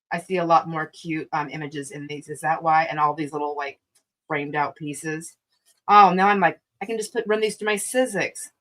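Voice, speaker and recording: Chatty middle-aged woman selling craft stuff live, slightly low voice, gushes over everything. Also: fairly bright tone, a little hiss or hum, rough recording. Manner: chatty, exclaims over items, laughs often. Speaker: host of a live online craft sale. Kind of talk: casual live-stream selling chat.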